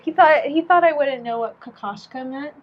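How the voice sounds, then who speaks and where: A woman's voice: sits high, normal speed, muffled recording. A woman who teaches young children, chatting casually and telling stories animatedly, acting out the voices. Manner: animated storyteller, acts out voices, laughs often. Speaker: co-host and book reader. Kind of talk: casual chat with read-aloud passages.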